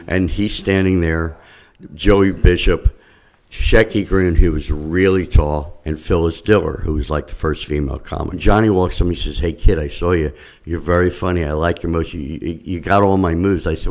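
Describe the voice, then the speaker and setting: Deep-voiced man telling a comedy story. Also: fairly even intonation, moderate pace, darkish tone. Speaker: comedian guest. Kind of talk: storytelling anecdote.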